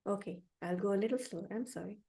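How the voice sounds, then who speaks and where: A woman teacher leading a guided affirmation session, speaking slowly and deliberately so listeners can repeat after her. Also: medium pitch, mellow, recorded from a distance. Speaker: meditation teacher. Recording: voice set back from the mic.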